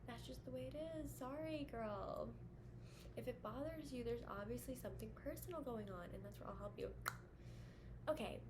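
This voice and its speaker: A young woman with a fairly high voice talks straight to her camera at home, blunt and casual, swearing freely between fillers. An air conditioner hum runs clearly under her voice. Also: moderate pace. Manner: blunt, swears a lot, chatty with many fillers. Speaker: vlogger giving dating advice to women. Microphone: camera facing her. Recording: audible background hum at home.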